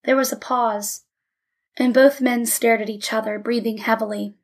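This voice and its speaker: A woman reads a story aloud as an audiobook narrator, measured and even. Her voice sits somewhat high.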